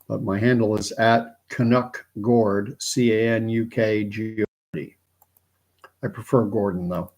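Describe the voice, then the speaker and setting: A man's voice: on the low side, a little mellow. A man from Canada hosting a casual live stream, chatty and joking, thinking aloud as he follows a count. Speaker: host.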